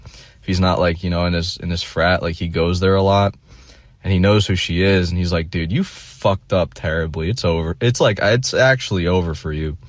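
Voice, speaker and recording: Low-voiced young man telling a rambling story. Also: a little fast, no room sound. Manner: rambling and self-deprecating, with many fillers and restarts. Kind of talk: casual storytelling monologue.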